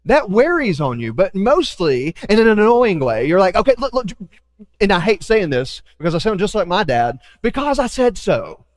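A man preaching a sermon as pastor, animated, acting out quoted voices with joking asides. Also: sits high, normal speed, long reverb tail.

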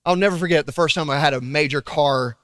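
Young preacher guy telling stories in a sermon, goes loud then real quiet, big echoey sanctuary. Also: on the high side, quick pace. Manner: animated storytelling, swinging between loud emphasis and hushed asides. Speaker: pastor. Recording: long reverb of a large hall.

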